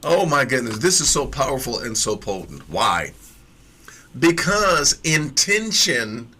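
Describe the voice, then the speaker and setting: A man teaching a sermon slowly and emphatically, repeating phrases to press each point. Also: on the high side, sharp tone.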